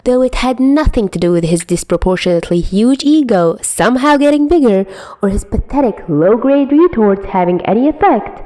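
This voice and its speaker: A woman's voice: lowish voice, very animated, normal speed, darkish tone, no room sound. Woman doing a mocking, teasing young man. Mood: taunting. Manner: mocking, sing-song taunting.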